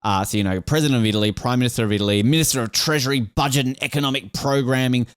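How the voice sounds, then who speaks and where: A man hosting a casual podcast, talking in a lively, irreverent way and swearing freely. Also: mid-range voice, rapid-fire, smooth, dry recording, studio quality. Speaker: podcast host.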